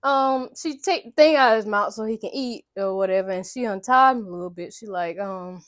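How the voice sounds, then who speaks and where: A woman casually recapping a movie in a chatty, animated, slangy way, cursing freely. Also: medium pitch, fairly quick, no echo. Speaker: vlogger.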